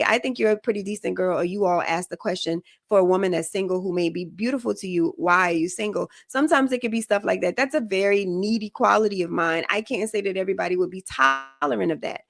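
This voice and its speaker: A woman's voice: medium pitch, creaky, no echo, clean studio sound. A woman hosting a podcast, giving relationship advice in a frank, casual way and often checking that listeners follow her. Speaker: podcast host.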